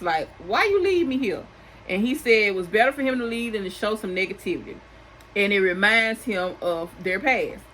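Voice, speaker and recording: A woman's voice: medium pitch, sharp tone, rough recording. Woman doing a sassy casual tv recap, aave, regular mid voice, a little hiss behind. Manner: chatty, sassy asides. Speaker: recap host.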